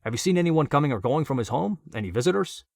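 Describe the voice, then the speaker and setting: A man's voice: on the high side, expressive, fast, creaky, darkish tone, no echo, clean studio sound, pitched above the performer's own voice. A man voicing a friendly, probing male police detective with a Spanish accent. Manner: polite, questioning.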